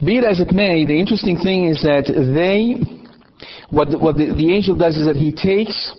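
A man's voice: a little high, moderate pace, muffled recording, slight background noise. A man teaching on Scripture and the liturgy to a class, putting questions to his listeners and answering them himself, with frequent restarts. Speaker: Catholic teacher. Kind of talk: Bible teaching talk.

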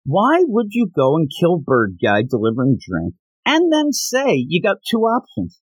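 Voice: mid-range voice, huge pitch swings, moderate pace, breathy edge, dry recording. A podcast co-host in casual chat, animatedly retelling comic panels and joking about them.

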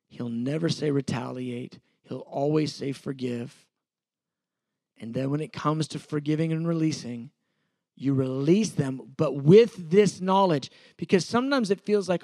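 A man's voice: fairly high pitch, measured pace, mellow, dry recording. A middle-aged man, preaching a sermon in an earnest, conversational way with repeated phrases. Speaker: pastor teaching a sermon.

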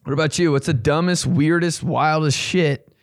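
A man's voice: normal speed, dry recording, clean studio sound. A young man hosting a comedy podcast, telling a rambling, profane story and jumping into silly voices. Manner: profane, rambling, acts out voices with big pitch jumps.

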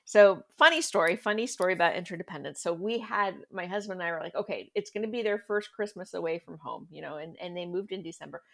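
A woman's voice: on the low side, fast talker, creaky, few pauses. A middle-aged woman speaking as a guest in a casual interview, a chatty storyteller who often laughs. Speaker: guest parent.

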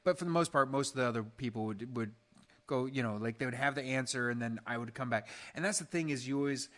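A man's voice: medium pitch, quick pace, a bit bright. A man chats casually as a co-host. He cracks jokes and often trips over his first words, repeating them before he gets going. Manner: joking, repeats words when starting sentences. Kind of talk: casual chat.

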